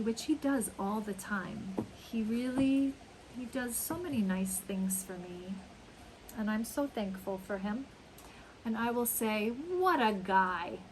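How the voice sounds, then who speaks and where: A woman teaching an English lesson, speaking slowly and acting out example phrases with big, dramatic exclamations. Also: a little high, a little hiss or hum, poor audio. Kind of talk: slow, emphatic English lesson.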